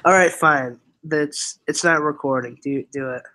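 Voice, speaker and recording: A young man streaming, rambling excitedly with lots of fillers in casual chat. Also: fairly high pitch, unhurried.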